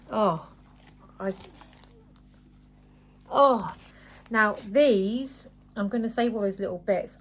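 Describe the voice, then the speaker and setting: A woman vlogging about craft supplies in a casual, excitable, gushing way. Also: on the high side. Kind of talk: casual unboxing chat.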